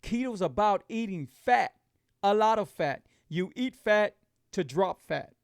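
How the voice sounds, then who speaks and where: Close to the mic, a middle-aged keto lifestyle show host with a drawl chats live with his viewers, his voice unusually high for a man, expressive, creaky yet smooth. He speaks at a measured pace, driving points home and repeating them with preachy encouragement, and the recording is dry and close with no room sound.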